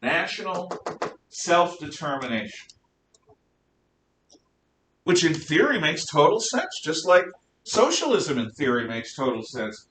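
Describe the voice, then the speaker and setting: A man giving a history lecture to a class, emphatic and animated, firing off rhetorical questions. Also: measured pace, long pauses. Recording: roomy, distant mic with faint rumble.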